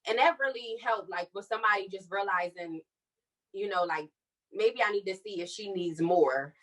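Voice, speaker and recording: A young woman telling her personal story on a podcast, candid and animated, acting out what others said. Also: mid-range voice, normal speed, recorded from a distance, low-quality recording. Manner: candid, animated retelling with quoted dialogue. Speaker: podcast co-host.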